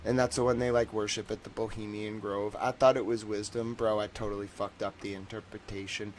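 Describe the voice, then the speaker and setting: A man's voice: on the low side, flat delivery, brisk, a little hiss or hum. A man hosting a livestream, rambling and joking casually, with lots of filler words. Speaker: livestream host.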